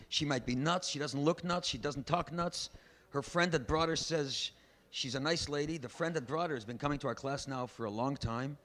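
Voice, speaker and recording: A man preaching as a rabbi, telling a story and pushing his points with emphatic, preachy bursts. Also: medium pitch. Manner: emphatic, preachy, builds to loud exhortations. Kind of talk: sermon with storytelling. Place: large synagogue hall. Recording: faint background noise, archival event recording.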